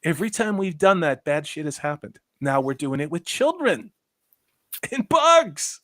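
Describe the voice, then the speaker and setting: A man hosting a livestream chat, rambling along and dropping sarcastic jokes. His voice sits a little high for a man. The sound is dry and close, with no room echo. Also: big pitch swings, a little slow, a bit bright. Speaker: livestream host reading chat.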